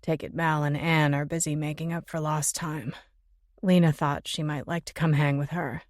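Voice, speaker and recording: A woman's voice: low voice, little pitch movement, normal speed, a little mellow, no room sound, clean studio sound, pitched below the performer's own voice, close to an everyday voice. A woman voicing a blunt, mocking young male rock musician who needles his bandmate. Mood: needling. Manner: scoffing, needling.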